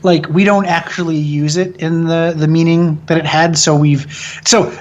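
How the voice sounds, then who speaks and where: A man's voice: on the high side, steady tone, normal speed, lo-fi sound. A man in his thirties talking casually as an interview guest, opinionated and profane, often slipping into mocking voices to make a point. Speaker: film director and guest.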